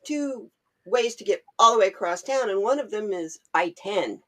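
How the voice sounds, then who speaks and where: Laughing, animated woman in casual chat. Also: mid-range voice, moderate pace. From Oregon. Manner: animated storyteller, laughs often.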